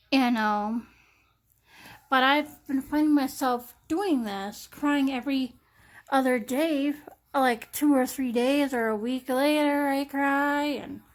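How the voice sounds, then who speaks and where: Young woman, casual phone vlog, slightly high voice, rambling with lots of restarts. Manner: rambling, halting, many fillers and restarts. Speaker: vlogger. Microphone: smartphone.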